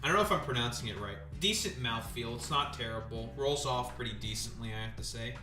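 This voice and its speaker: A man's voice: mid-range voice, animated, brisk, reverberant, over music. A man ranting on a live stream in a profane, sarcastic, exasperated way.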